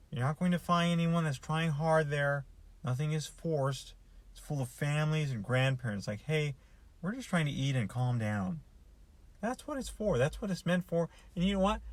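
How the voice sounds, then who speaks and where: A man's voice: on the high side, dry recording. A man hosting a comedy show, rambling sarcastically and talking straight to the listener. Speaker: host. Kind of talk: deadpan comedic monologue.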